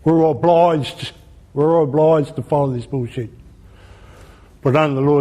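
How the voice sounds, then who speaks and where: A man's voice: a little high, a little slow, long pauses, mellow. Emphatic Australian man lecturing. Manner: emphatic, repeats phrases, asks rhetorical questions. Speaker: speaker. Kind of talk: informal presentation.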